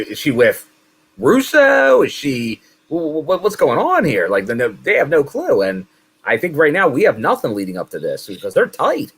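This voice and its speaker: A man co-hosting a podcast in casual chat, rambling and halting. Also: mid-range voice, a bit bright, slightly rough.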